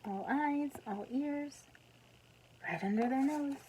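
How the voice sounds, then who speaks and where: A woman reading a picture book aloud, adding casual explanations to listeners, sometimes dropping to a soft near-whisper. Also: high voice, slow, a little hiss or hum, rough recording. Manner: warm asides, soft and near whispered at times. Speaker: storybook reader.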